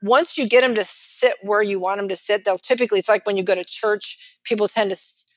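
A middle-aged financial advisor with a Texan accent, telling stories lively in an interview and acting out the people she quotes. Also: medium pitch, fairly quick, no echo. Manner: animated, acts out quotes of others. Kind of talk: storytelling in a podcast interview.

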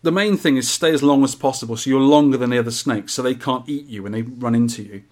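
A man's voice: mid-range voice, quick pace, a little mellow. A man hosting a podcast, explaining how an arcade game works in a laid-back, joking way. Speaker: podcast host. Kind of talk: casual podcast chat.

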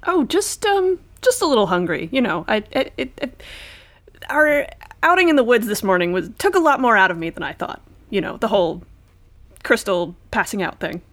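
A woman's voice: fairly high pitch, big pitch swings, moderate pace, a bit bright, no room sound. A woman playing a tabletop role-playing game in character, playful and giggly. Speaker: player.

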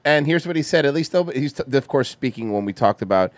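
A man's voice: mid-range voice, expressive, fast, no echo. Man, podcast co-host, sarcastic banter, profane, dry close sound. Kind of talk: casual chat.

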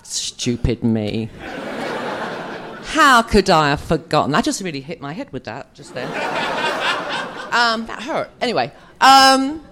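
Background noise accompanies this woman's slightly high voice as she recounts humorous, self-mocking tales. She is an actress appearing on a fan convention panel, chatting with a live audience.

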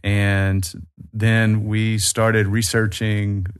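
A man in his forties with a Southern US accent, a guest chatting in an easygoing, friendly way with frequent pauses. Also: fairly low pitch, level tone, smooth. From Alabama, US South. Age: 40s. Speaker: guest expert on tourism. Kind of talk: casual conversation.

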